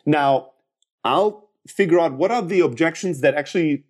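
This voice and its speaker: A man's voice: fairly high pitch, moderate pace, a little mellow. A man in his thirties from Greece with a Greek accent, giving an emphatic motivational talk on sales that often restarts sentences. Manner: emphatic, restarts often, acts out quoted dialogue. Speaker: sales coach and startup founder.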